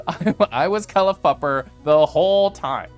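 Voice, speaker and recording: Animated, giggly male streamer. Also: on the high side, slow, faint music behind. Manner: animated and giggly, playful voice swings. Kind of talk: casual chat with stream chat.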